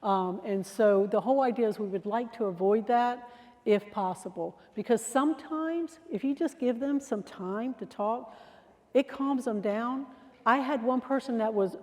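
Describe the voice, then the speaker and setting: A woman's voice: a little high, a little mellow. Woman trainer in an echoey hall. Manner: conversational, acts out example phrases. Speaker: security trainer. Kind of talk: training presentation. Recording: long hall reverb.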